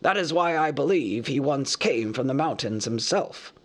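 A man reading a storybook aloud, voicing Gandalf, an old male wizard who lectures in a measured, easily cross way. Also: mid-range voice, expressive, lightly acted. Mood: lecturing.

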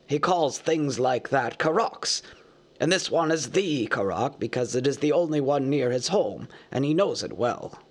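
A man reading a storybook aloud, voicing Gandalf, an old male wizard who lectures in a measured, easily cross way. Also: mid-range voice, expressive. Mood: lecturing.

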